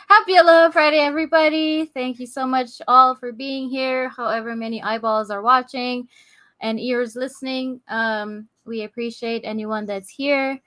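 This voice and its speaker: A woman co-hosting a livestreamed podcast, talking in a bubbly, giggly, energetic way. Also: fairly high pitch, a little slow. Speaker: podcast co-host. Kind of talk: casual livestream chat.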